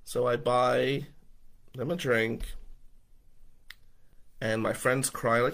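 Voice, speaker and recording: A man's voice: mid-range voice, animated, unhurried, creaky, pauses often. A man telling a personal story in a casual, profane, conversational way, often checking in with "right?".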